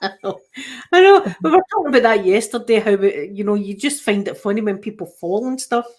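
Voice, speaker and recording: A middle-aged woman with a Scottish accent, chatting casually with her viewers. Her voice sits at an ordinary, mid-range pitch. She likes to tell stories and does the voices of the people in them. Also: lively intonation, fast, darkish tone. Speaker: channel host. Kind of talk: casual live chat.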